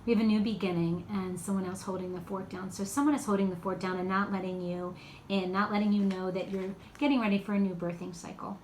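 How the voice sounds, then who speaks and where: A woman's voice: mid-range voice, steady tone, quick pace, a little mellow. A woman giving a casual, rambling tarot card reading in a loose, spiritual way. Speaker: tarot reader. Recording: echoey room with faint background noise.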